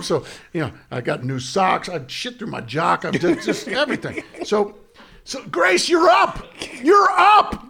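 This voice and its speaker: A middle-aged former pro first baseman, here as a guest, tells a story in casual chat and keeps laughing through it. He's animated, and his high-sitting voice has vocal fry.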